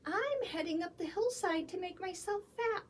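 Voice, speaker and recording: A woman voicing a tiny, timid young billy goat with a squeaky, pleading voice. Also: normal speed, distant mic, slight background noise.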